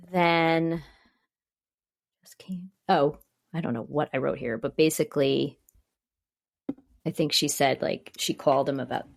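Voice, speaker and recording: A woman's voice: low-pitched, fairly even intonation, takes it slowly, vocal fry, pauses often, darkish tone. A woman co-hosting a podcast, recapping a TV episode in casual chat and reading quotes from her notes. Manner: reads quotes from notes, chatty, laughs often. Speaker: podcast co-host.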